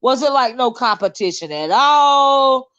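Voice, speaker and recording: High-voiced laughing woman livestream host. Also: expressive, a little slow, a bit bright, no echo, highs cut off. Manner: laughs often, teases her chat, sidetracked and rambling. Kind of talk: casual live-stream chat reading viewer comments.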